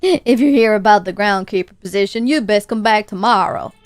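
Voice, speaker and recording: A woman voicing a gruff, hostile older man who swears often in a folksy drawl. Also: mid-range voice, a little fast, no echo, lightly acted. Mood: evasive. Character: gruff older male homeowner, secretive and hostile.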